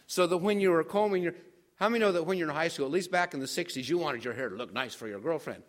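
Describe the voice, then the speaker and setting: Older pastor with a high folksy voice. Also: male voice, fast. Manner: folksy, asks the congregation questions. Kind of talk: storytelling sermon.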